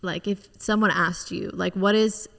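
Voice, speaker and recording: A woman's voice: mid-range voice, fairly even intonation, unhurried, gravelly, fairly bright tone. Bubbly young woman hosting a podcast. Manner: bubbly, enthusiastic, says "like" often. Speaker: podcast host. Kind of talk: casual interview chat. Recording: long reverb.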